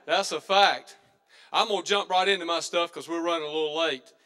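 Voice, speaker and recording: Folksy comedian, high bright voice. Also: male voice, brisk, clean tone. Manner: folksy drawl, acts out characters in his jokes. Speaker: stand-up comedian. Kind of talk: stand-up storytelling. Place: stage before a live audience.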